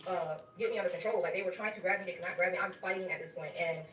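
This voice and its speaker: Woman, casual storyteller, rapid chatty delivery, sounds a bit distant in a roomy space. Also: on the low side, a little hiss or hum. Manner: animated, conversational, addresses listeners directly.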